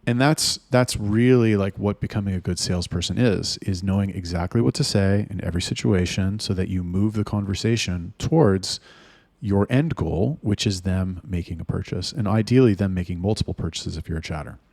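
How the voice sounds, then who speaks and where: A man rants bluntly and with open exasperation, swearing at almost every turn. His voice sits low and gravelly. The sound is dry and close, with no room around it. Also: a little fast, darkish tone, dry recording. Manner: mocking put-on voices when quoting others. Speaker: agency owner giving chatter advice. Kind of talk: profane ranting advice monologue.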